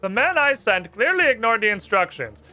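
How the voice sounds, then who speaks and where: A man's voice: sits high, sing-song, normal speed, pushed and bright, faint music behind, voice pushed up, exaggerated voice. A man voicing a smug, scheming male salesman in a game, speaking in a haughty, self-important way.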